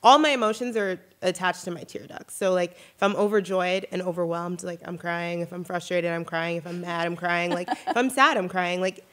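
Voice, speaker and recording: A young woman in her twenties co-hosting a casual chat, talking quickly with lots of "like" fillers. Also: lowish voice. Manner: chatty, many "like" fillers, animated. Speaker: co-host.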